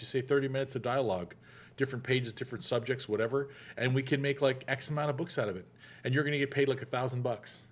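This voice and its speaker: A man hosts a relaxed chat, chatty and animated as he tells a story. He slips into quoted voices along the way. His voice sits at an ordinary middle pitch. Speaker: podcast host. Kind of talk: casual chat.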